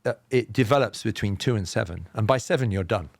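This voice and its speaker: Man, southern English BBC-style accent, low voice, gravelly, dry close sound, measured storytelling, wry. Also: no room sound. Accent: Southern English, BBC-style received pronunciation. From England. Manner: measured, explanatory, with self-deprecating humour. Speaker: podcast guest. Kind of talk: reflective personal storytelling.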